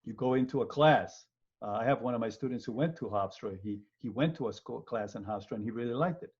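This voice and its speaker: A man in his fifties with a New York accent, a law professor giving a webinar lecture in an animated, joking way and acting out quoted voices. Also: medium pitch, quick pace, husky. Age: 50s. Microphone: computer mic on video call. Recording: muffled lo-fi webinar audio.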